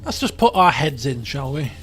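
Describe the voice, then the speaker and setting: A man's voice: mid-range voice, very animated, moderate pace, a bit bright, soft background music. A man chatting his way through a video game, thinking aloud and poking fun at himself. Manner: chatty, thinks aloud, jokey and self-mocking. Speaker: game streamer. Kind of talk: casual let's play commentary.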